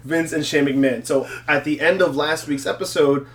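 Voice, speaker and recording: Brief: man host, slightly high voice, jokey and lively recap. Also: normal speed. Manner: joking, animated, laughs often. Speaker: podcast host. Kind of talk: casual wrestling recap.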